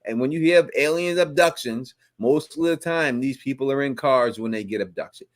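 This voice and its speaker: A man's voice: mid-range voice, normal speed. A man hosting a live stream, explaining fan theories at length with many restarts. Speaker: host.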